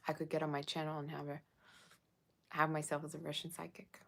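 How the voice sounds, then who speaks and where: A woman's voice: sits low, little pitch movement, fairly quick, vocal fry, pauses often, a bit bright. A woman reading tarot for her viewers in a casual, chatty way, checking in with them often. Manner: chatty, addresses viewers with frequent "okay?". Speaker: tarot reader.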